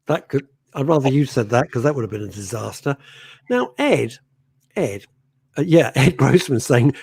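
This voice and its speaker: A man co-hosting a radio talk show who reads listener messages aloud in a theatrical, animated way and laughs often. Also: mid-range voice, normal speed, vocal fry, slight background noise. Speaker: radio co-host. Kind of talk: casual radio chat, reading listener messages.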